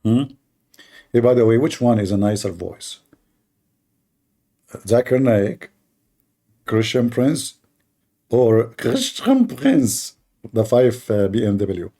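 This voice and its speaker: A man's voice: on the low side, takes it slowly, long pauses, dark tone. A man hosting a live debate stream, talking with callers in a mocking, often laughing way.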